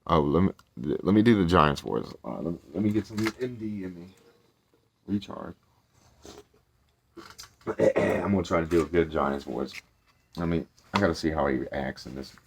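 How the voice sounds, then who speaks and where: A man's voice: low-pitched, animated, moderate pace, vocal fry, long pauses, background noise. A man casually reading a storybook aloud, with rambling, chatty asides and self-corrections.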